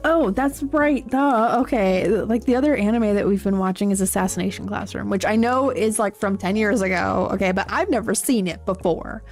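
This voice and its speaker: Rambling woman livestreamer over soft music. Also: medium pitch. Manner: rambling, halting, with frequent fillers and giggles. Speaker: livestream host. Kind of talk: casual livestream chat, answering chat. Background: faint background music.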